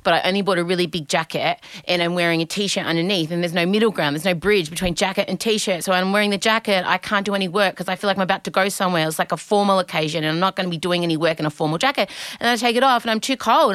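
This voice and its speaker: An Australian woman in her forties hosting a podcast, talking fast and rambling through animated stories. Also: lowish voice, no room sound, studio quality. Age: 40s. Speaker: podcast host. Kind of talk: casual chat.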